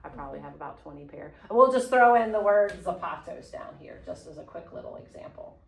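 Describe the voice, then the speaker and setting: A woman teaching a Spanish class, slowly modeling phrases for students to repeat. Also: lowish voice, expressive, gravelly, slight background noise. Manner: patient, slow modeling of phrases. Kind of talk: classroom lesson. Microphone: phone camera propped on a water bottle. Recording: echoey classroom.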